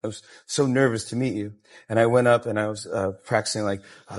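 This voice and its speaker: A man telling a casual story in a halting, sheepish way, full of hesitations. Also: lowish voice, steady tone. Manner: halting, lots of fillers, sheepish.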